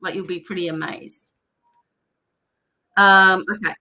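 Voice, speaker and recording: A woman's voice: fairly low pitch, steady tone, measured pace, sharp tone. A woman hosting a live-stream psychic reading, chatty and instructive, with many fillers. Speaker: psychic reader.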